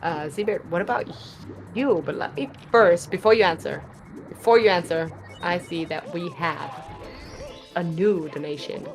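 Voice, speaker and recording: A woman with a slight lisp commentating a live speedrun stream from a booth, chatty and quick to laugh. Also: fairly low pitch, soft background music. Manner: chatty, laughs often, restarts phrases.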